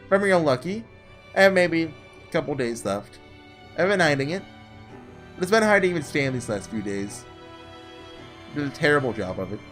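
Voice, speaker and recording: A man voicing a calm, dying young man. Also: on the high side, moderate pace, long pauses, faint music behind. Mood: wry.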